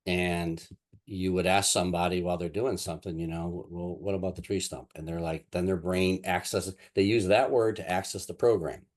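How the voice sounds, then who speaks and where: A man's voice: sits low, steady tone, normal speed. A man teaching a casual lesson on mind techniques, telling anecdotes in a rambling way with lots of fillers and restarts. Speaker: NLP instructor.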